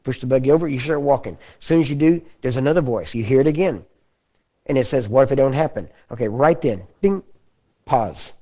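A man with a Texan accent preaching a folksy, conversational sermon and often clearing his throat. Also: medium pitch, fast, dark tone. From Texas.

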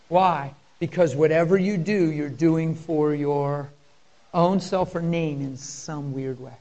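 A male pastor, preaching a sermon in a conversational style and telling personal stories with deep emotion. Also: slow, dark tone, lo-fi sound.

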